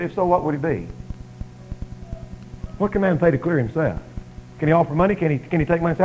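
Emphatic preacher on the radio. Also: male voice, fairly high pitch, expressive, quick pace, long pauses, poor audio. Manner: emphatic rhetorical questioning, rising and falling loudness. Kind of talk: sermon.

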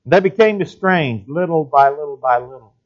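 A man's voice: a little high, lively intonation, moderate pace, highs cut off. A man preaching a sermon and reading scripture aloud in an old-fashioned cadence.

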